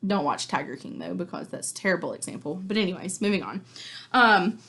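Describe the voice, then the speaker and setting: A woman's voice: lowish voice, expressive, brisk, gravelly, a bit bright. Chatty woman teacher recapping a play. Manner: chatty, filler-heavy, informal. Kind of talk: casual lesson recap.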